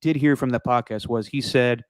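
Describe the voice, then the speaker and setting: A man hosting a sports podcast in casual chat, rambling and opinionated, his voice going hoarse. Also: medium pitch, steady tone, moderate pace, no room sound, clean studio sound. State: losing his voice. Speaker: podcast host.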